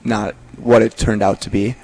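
A young man in his twenties, a seminarian guest, talking about himself in a relaxed, easygoing way in an interview. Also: fairly low pitch, moderate pace, gravelly, poor audio. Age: 20s. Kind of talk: casual interview chat.

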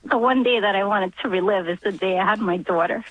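A woman in her forties calling in to a radio show, emotional and halting, close to tears as she speaks. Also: medium pitch, slight background noise. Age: 40s. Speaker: caller. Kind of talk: call-in radio talk. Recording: tinny phone line.

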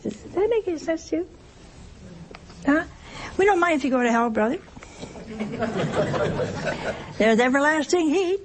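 A woman's voice: a little high, a little mellow, slight background noise. An older woman preaching a sermon in a homespun, teasing way, asking rhetorical questions and acting out little everyday scenes. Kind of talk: sermon on works of mercy.

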